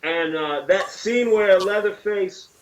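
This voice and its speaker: A man's voice: sits high, slow. A man talking about a childhood horror memory in casual chat, swearing as he goes. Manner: profane, earnest storytelling. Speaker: guest musician. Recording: roomy call audio from far off.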